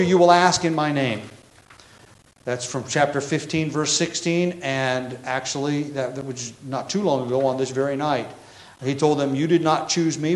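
A man pastor preaching an expository sermon, emphatic and explanatory, with frequent self-corrections. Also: on the high side. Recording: echoey room.

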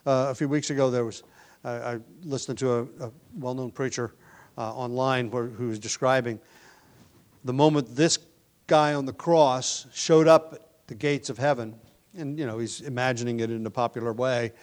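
A man preaching a sermon in a mid-pitched voice, often dropping to a quiet, hushed delivery. He swings up to loud, forceful emphasis on key lines and repeats words as he works through his explanation. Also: steady tone, moderate pace. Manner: shifts between hushed, soft passages and loud emphatic lines. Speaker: pastor.

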